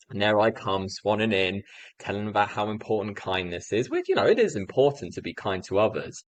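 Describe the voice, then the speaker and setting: A man in his thirties from the UK tells a story with lively swings in his voice. His voice sits fairly low, and the sound is dry and close. He talks like a guest spinning an anecdote in an interview. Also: no echo, low-quality recording. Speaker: guest speaker.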